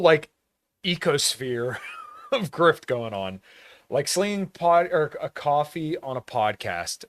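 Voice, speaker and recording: A man's voice: a little high, expressive, a little slow, fairly bright tone. A man from rural Pennsylvania hosting a podcast in a blunt, profane, casual monologue, laughing often. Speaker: podcast host.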